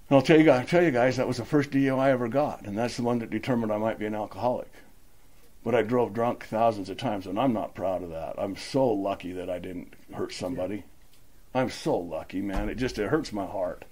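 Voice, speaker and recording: A man's voice: on the low side, fairly quick, a little mellow. A middle-aged man from Utah telling his recovery story at a meeting, rambling and acting out the dialogue. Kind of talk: personal recovery story, casual.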